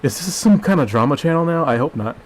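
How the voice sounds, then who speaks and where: A man's voice: fairly high pitch, expressive, darkish tone. A man from Arkansas with a Southern accent, streaming alone and rambling casually with a lot of swearing. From Arkansas, USA. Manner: rambling, profane, unhurried. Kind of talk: rambling live-stream monologue.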